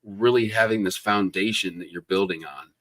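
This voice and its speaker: Man, host, lowish voice, enthusiastic, rambling, lots of fillers, video call. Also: normal speed, fairly bright tone. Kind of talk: casual livestream interview chat.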